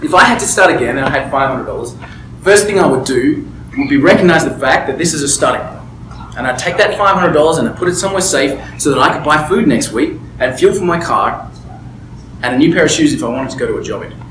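A man's voice: fairly high pitch, animated, quick pace, a bit bright, roomy sound, slight background noise, low-quality recording. A man mentoring a small group, talking emphatically and candidly and often checking in with "right?". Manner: candid personal storytelling. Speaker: business mentor. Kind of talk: motivational talk to a small group. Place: room with a table and a small group.

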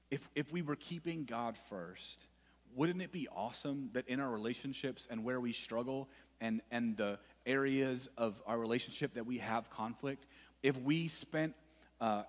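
A male youth pastor preaching to students in a conversational way, often repeating himself and checking in with "right?". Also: mid-range voice. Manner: conversational, repeats phrases, frequent "right?" asides. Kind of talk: sermon to students. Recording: long reverb in a hall.

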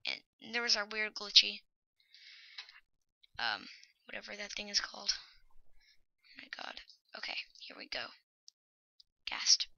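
A woman giving excitable, anxious gameplay commentary, often dropping to a whisper. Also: mid-range voice, a little slow, vocal fry, long pauses, dry recording, dull audio. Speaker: let's play host.

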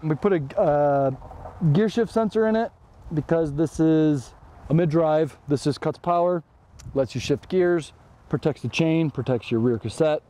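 A man's voice: fairly high pitch, unhurried, mellow. A man from Chicago hosting his own channel, chatting casually and jokingly as he walks through a custom bike build. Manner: joking, chatty, playful asides. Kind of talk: casual product walkthrough vlog.

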